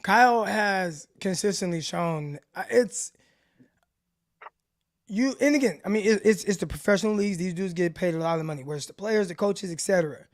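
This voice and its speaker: A man's voice: sits high, brisk, dry recording, clean studio sound. A man hosting a casual livestream sports show, talking loosely with frequent restarts and side tangents. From Stockton, California. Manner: rambling, loose, restarts sentences.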